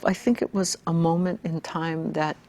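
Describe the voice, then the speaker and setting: A woman's voice: sits low, fairly even intonation, moderate pace, a little mellow. An older woman in an interview, talking bluntly and emphatically, building to fiery outbursts. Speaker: interviewee, activist and scholar. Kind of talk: reflective interview talk.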